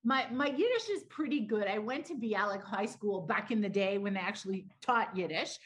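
A woman's voice: medium pitch, lively intonation, normal speed. Middle-aged woman, stage actor guest, enthusiastic, mid-range voice. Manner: enthusiastic, warm about her craft, some restarts. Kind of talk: interview guest.

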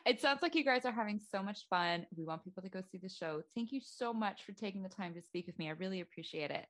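A woman's voice: mid-range voice, animated, fast. A woman hosting a radio arts interview from home, chatty and casual with fillers. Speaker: radio host.

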